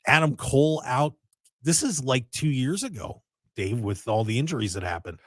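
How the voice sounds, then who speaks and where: Male radio host, mid pitch, lively swings in his voice, dry close mic, teasing and chatty. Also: normal speed, dry recording. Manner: lively, teasing, animated storytelling. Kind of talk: casual radio chat.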